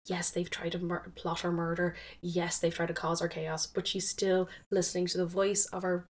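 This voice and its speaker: A woman casually retelling a folktale, chatty, with fillers and quick self-corrections. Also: on the low side, little pitch movement. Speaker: storyteller.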